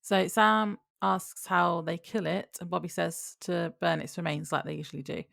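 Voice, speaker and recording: A woman co-hosting a podcast, casually retelling a TV episode in a relaxed, chatty way. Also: on the low side, normal speed, gravelly, no echo, studio quality. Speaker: podcast co-host. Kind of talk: casual chat recapping a TV episode.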